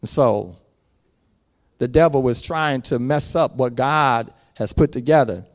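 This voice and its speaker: A male pastor preaching a sermon, moving from quiet storytelling to loud shouted passages. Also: medium pitch, slow pace.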